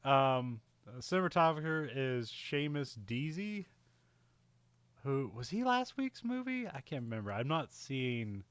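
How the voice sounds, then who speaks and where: A man co-hosting a casual film podcast in a middle-range voice. He rambles through his thoughts, laughs often and gets animated when something excites him. The sound is close and dry, with no room echo. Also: mid-range voice, measured pace, smooth. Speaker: podcast co-host.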